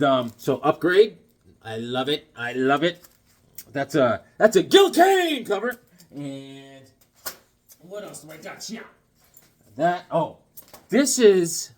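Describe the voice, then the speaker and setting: A man's voice: a little high, darkish tone. A middle-aged man chatting casually to camera about comic books, jokey and wisecracking. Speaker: comic book vlogger. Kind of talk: casual rambling chat to camera.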